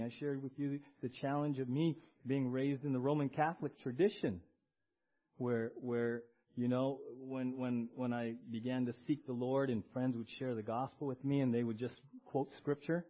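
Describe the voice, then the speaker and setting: A male pastor preaching a conversational sermon, often checking in with the congregation and having them respond. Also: mid-range voice. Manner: conversational, tags lines with "right?" and has the congregation respond. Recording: dull lo-fi recording.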